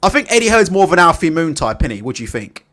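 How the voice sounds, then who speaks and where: A man's voice: a little high, big pitch swings, quick pace, fairly bright tone. A man hosting a boxing channel, giving casual opinion commentary that is full of rhetorical tag questions, casual swearing and laughter at his own jokes. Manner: rhetorical, keeps tagging questions like "innit?" and "right?". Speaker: boxing YouTube channel host.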